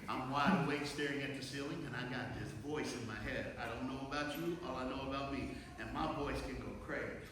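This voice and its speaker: A man from Texas giving a motivational school assembly speech, telling his story in an animated way that swings between hushed and loud. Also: mid-range voice, fairly quick, few pauses. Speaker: motivational speaker. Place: large school hall. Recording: echoey hall, far from mic, noisy.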